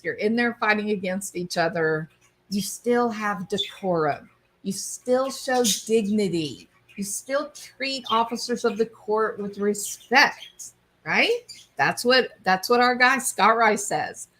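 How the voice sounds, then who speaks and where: A woman's voice: medium pitch, a bit bright, slight background noise. A woman hosting a casual video commentary, chatty and amused as she explains a clip. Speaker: commentary show host.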